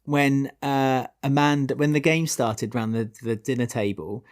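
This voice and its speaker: Chatty Welsh man on a podcast. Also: a little slow. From Wales. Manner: animated, chatty, with many restarts and sudden pitch jumps. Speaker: podcast co-host. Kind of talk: casual chat.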